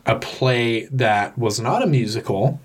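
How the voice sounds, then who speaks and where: A man's voice: mid-range voice, animated, measured pace, husky. A man co-hosting a podcast, explaining a film in casual chat with many restarts and filler words. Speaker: podcast co-host.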